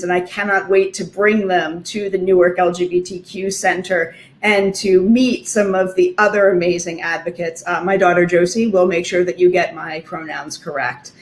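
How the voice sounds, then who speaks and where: An earnest woman attorney speaks from the heart at a virtual fundraiser, stumbling now and then and restarting her sentences. Her voice carries the echo of a roomy space, as though picked up over a video call. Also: medium pitch. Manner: earnest, with frequent fillers and restarts. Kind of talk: heartfelt virtual event speech. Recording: echoey room sound.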